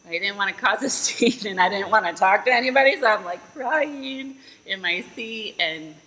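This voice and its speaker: A woman's voice: medium pitch, animated, normal speed, sharp tone. A young woman recounting her family story in an interview, candid and given to laughing. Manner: candid, laughs while acting out her past outbursts. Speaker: sister sharing a testimony. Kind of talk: emotional testimony interview. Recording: echoing reverb with faint ambient hiss.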